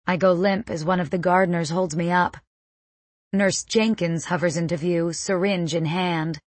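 A woman's voice: lowish voice, steady tone, normal speed, no echo. A woman narrating a first-person audiobook with tense, dramatic storytelling.

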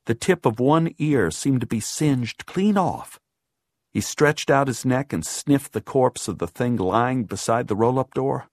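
A man reading a first-person horror audiobook, measured, dropping low and quiet on grim lines. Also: expressive, no echo, studio quality. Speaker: audiobook narrator.

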